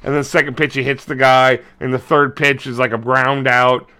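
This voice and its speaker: Bright-voiced man, crude rambling storyteller. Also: mid-range voice, flat delivery, moderate pace, smooth. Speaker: podcast co-host. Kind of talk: casual chat.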